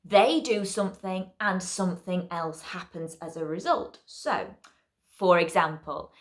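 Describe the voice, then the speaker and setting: A woman's voice: on the low side, measured pace. A woman dog trainer teaching an online puppy class, chatty and explaining with frequent check-ins.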